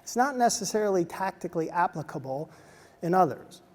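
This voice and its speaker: A man giving a motivational talk to soldiers, telling stories in an animated way and dropping to a soft hush at emotional moments. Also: high voice, fairly quick. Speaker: speaker addressing soldiers. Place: large hall on a military base. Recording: long reverb of a large hall.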